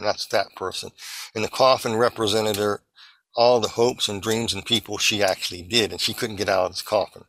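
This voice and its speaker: A man earnestly recounting a vision as testimony, halting and restarting as he searches for words. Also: fairly low pitch, a bit bright, slight background noise, low-quality recording.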